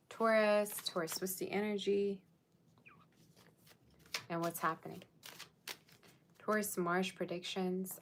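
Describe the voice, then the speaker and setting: A woman's voice: lowish voice, a little hiss or hum. A woman giving a casual live-streamed tarot reading, chatting straight to her viewers in a musing, tentative way. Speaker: tarot reader.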